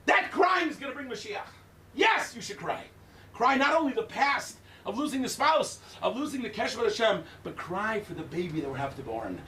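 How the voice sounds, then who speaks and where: Older guy preaching hard in a shul, high voice that swings all over, heard from across the room. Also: big pitch swings, brisk, roomy sound. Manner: impassioned, shouting at peaks, Yiddish-accented Hebrew terms. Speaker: guest speaker. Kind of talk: animated Tisha B'Av lecture. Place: synagogue hall. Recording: distant room mic with faint noise.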